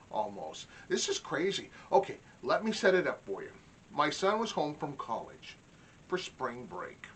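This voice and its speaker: Animated middle-aged man, comic storytelling. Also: on the high side, husky. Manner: animated, mock-indignant storytelling. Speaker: comedy vlogger. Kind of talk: comic monologue.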